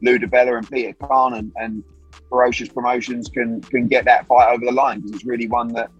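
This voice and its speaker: A man speaking in a measured, businesslike way in an interview clip. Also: mid-range voice, level tone, breathy edge, muffled recording, soft background music. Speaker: boxing promoter.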